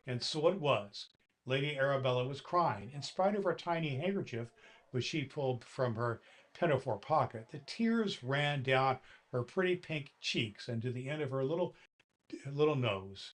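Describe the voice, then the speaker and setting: A man in a Santa Claus role, gently reading a children's story aloud and talking to the boys and girls listening. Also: medium pitch, animated, moderate pace.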